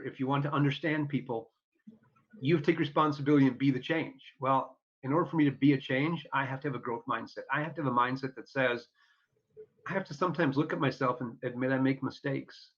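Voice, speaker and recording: A man guesting on an interview show, telling stories in an earnest, upbeat way and acting out the people he quotes. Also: mid-range voice. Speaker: podcast guest. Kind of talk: casual storytelling interview. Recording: dull lo-fi audio.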